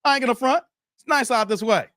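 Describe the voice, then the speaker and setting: A man's voice: very high-pitched, fast, sharp tone, no room sound, clean studio sound. A man hosting a live stream, casually chatting and reading comments in a playful, laid-back, trash-talking way. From Chicago area.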